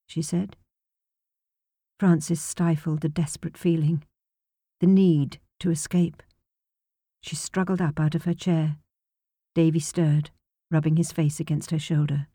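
A woman narrating an audiobook in a measured, even storytelling manner, close to a studio mic. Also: low-pitched, breathy edge, no echo. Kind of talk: scripted narration.

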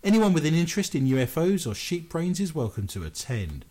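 A man's voice: a little high, sing-song, fairly quick, warm tone. A British man hosting a paranormal news radio show, joking and making fun of himself as he talks. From Britain. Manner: playful, jokey, self-mocking.

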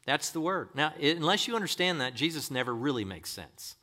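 A man's voice: a little high, sing-song, brisk, bright, forceful tone. A man preaching a sermon, emphatic and direct, firing rhetorical questions at the congregation.

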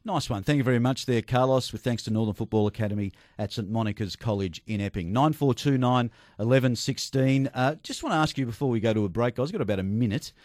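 Relaxed Australian male radio host. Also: mid-range voice, fast, few pauses, dry recording, clean studio sound. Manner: relaxed, chatty, laughs easily. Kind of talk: casual sports radio hosting. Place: radio studio.

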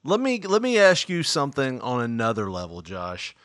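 A man's voice: mid-range voice, normal speed, dry recording, studio quality. A man hosting a casual podcast chat, telling stories with lots of laughter. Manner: laughs often, animated storytelling. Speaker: podcast host.

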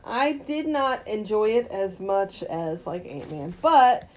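A woman gives her take on a movie in a casual podcast, laughing often as she goes. Her voice sits at a middle pitch. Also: very animated, slow pace, a little mellow, a little hiss or hum. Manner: giggly, laughs often between points. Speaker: podcast co-host. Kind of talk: casual movie review chat.

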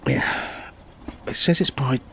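A man's voice: a little slow, sharp tone. Rambling man, faint noise. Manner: rambling, hesitant. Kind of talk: comedy improv chat.

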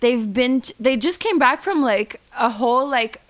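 A young woman with a slightly high voice tells a gossipy story in casual podcast chat. She sounds animated and unfiltered, with filler words everywhere and easy swearing. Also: normal speed. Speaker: podcast co-host.

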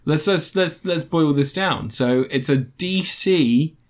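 Co-hosting a casual podcast, a man reviews films, rambling and interrupting himself with crude jokes. His voice is a little high and his pace slow.

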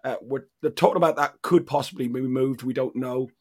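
A man's voice: medium pitch, fairly quick, breathy edge. A man with an Irish accent hosting a football podcast, chatty and full of laughter. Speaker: podcast host. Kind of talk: casual football chat.

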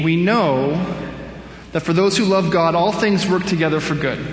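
A man preaching a sermon as pastor, conversational and wry, poking fun at himself as he talks to the congregation. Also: high-pitched. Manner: conversational, self-deprecating humor. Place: church sanctuary. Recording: echoey hall with long reverb.

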